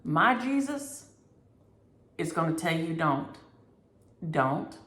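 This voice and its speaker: A woman hosting a needlework vlog, telling a story in an animated, exasperated way. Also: low-pitched, slow. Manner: animated, exasperated storytelling with Southern turns of phrase. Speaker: flosstube host. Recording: echoey room.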